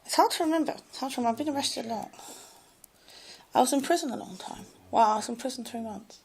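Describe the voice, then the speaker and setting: A woman talking to camera in a rambling personal monologue, repeating herself and trailing off into soft mumbles. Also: on the high side, fast, breathy edge, poor audio. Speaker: vlogger.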